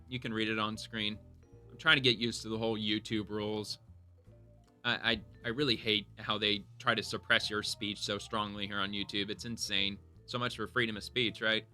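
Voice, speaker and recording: Profane, rambling male YouTube commentator. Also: medium pitch. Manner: profane, rambling, animated reactions. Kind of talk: casual commentary reading posts aloud.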